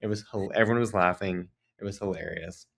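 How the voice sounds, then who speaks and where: A man with a fairly low voice tells a story as a podcast host. He talks in a loose, chatty way and fills his sentences with "like" as he goes. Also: fairly quick, gravelly, fairly bright tone. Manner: chatty, frequent "like" fillers. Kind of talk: casual storytelling.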